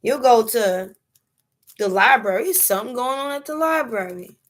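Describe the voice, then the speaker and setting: A woman's voice: fairly high pitch, animated, slight background noise. A young woman with a New York accent chatting casually on a phone livestream, laughing often and dropping slang. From New York City. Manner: unhurried, drawn-out talk with frequent laughter and slang. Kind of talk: casual live stream chat.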